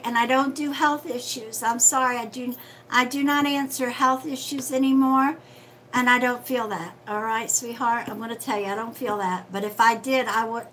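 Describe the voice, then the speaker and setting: A woman's voice: on the high side, fairly bright tone, slight background noise, rough recording. A woman hosting a casual livestream as a psychic reader, chatty and friendly, calling viewers sweetheart.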